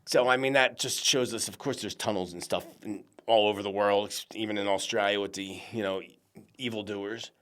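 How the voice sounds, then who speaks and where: A man's voice: lowish voice, normal speed. A man hosting a psychic predictions show, talking casually and animatedly to his viewers, whom he calls friends. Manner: chatty, animated, addresses listeners as friends.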